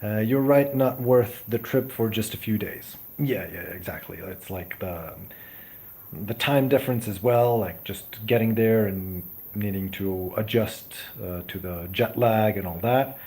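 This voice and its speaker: A man's voice: on the low side, a little slow, darkish tone. A young man from Serbia, a native Serbian speaker, hosting a casual live chat and answering comments in a hesitant, friendly way. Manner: hesitant, many ums and restarts, friendly. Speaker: live stream host.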